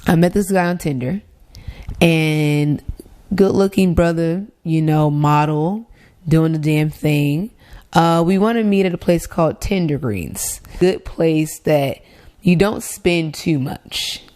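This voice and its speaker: A woman hosting her own show, telling a dating story in a candid, animated way and swearing freely. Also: sits low, slow pace. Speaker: podcast host. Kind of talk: casual storytelling. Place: Los Angeles.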